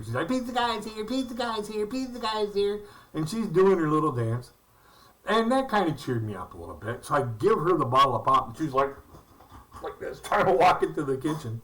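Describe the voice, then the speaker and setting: A man's voice: medium pitch, pushed and bright, recorded from a distance, rough recording. A man doing stand-up comedy, telling rambling, folksy anecdotes about his jobs and acting out the quotes. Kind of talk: storytelling stand-up routine.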